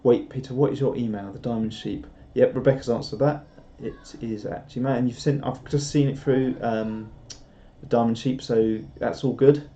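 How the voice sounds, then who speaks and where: A British man chats loosely on a live stream, wandering from thought to thought and often laughing at himself. His voice has a mellow, dark tone at a middling pitch. The stream audio is dull and lo-fi. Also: fairly even intonation, moderate pace, a little hiss or hum. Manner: rambling, self-deprecating, chuckles often. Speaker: YouTuber hosting a live stream. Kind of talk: casual live-stream chat reading viewer comments.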